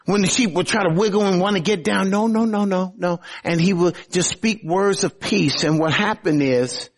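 Husky-voiced male preacher. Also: sits high, moderate pace. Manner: emphatic, conversational preaching with sudden swings in loudness. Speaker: pastor. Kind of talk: sermon.

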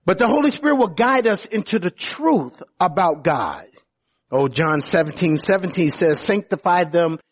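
High-voiced animated male preacher. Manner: animated preaching, rising to shouts when worked up; stammers and restarts often. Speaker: pastor. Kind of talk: sermon.

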